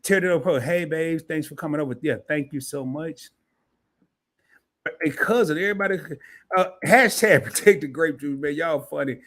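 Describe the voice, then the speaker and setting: A man's voice: a little high, normal speed, a bit bright. A man hosting a casual live-stream chat, joking and talking straight to his viewers while sore from a fall. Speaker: host.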